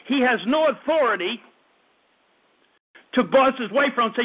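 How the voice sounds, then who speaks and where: High-voiced preacher man in his fifties. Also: expressive, moderate pace, pauses often. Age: 50s. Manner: fervent, repetitive preaching with stammered restarts. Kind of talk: radio sermon. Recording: tinny phone-like radio broadcast.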